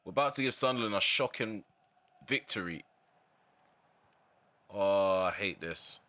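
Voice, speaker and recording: A man's voice: fairly low pitch, animated, unhurried, bright, forceful tone, no room sound. A man giving live commentary over his own football video game match, often exasperated and ranting about how it is going. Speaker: gaming channel host.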